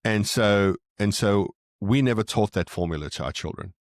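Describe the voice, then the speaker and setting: Podcast guest: middle-aged man, very low voice, earnest and reflective, dry close sound. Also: normal speed, no echo. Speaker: podcast guest, parenting author. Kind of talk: conversational interview, explaining.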